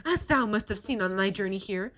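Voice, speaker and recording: A woman's voice: mid-range voice, expressive, fairly quick, fairly bright tone, close to an everyday voice. A woman voicing a pompous masked vampire prince who speaks in grand, archaic phrases while reading game dialogue on a stream. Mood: haughty. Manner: archaic, grandiose speech with thee and thou.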